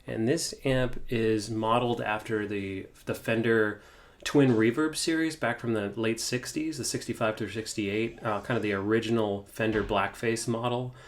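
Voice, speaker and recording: A man's voice: on the low side, moderate pace. A man hosting a guitar amp tutorial, talking casually with lots of "uh"s and restarts. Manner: relaxed, many fillers and restarts. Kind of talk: casual gear demonstration.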